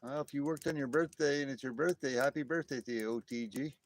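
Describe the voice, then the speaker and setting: A man chatting with his live viewers from beside a fire late at night, light rain falling around him. His voice sits at a middle pitch, and he rambles and bursts into excited exclamations. It sounds like a phone livestream. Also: quick pace. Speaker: livestream host. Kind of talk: casual live chat with viewers.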